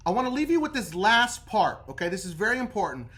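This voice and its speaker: A man's voice: high voice, sing-song, quick pace, fairly bright tone. Man giving credit tips, tagging "okay?" everywhere. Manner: checks in with "okay?" after nearly every point. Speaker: credit repair host. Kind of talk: casual how-to talk.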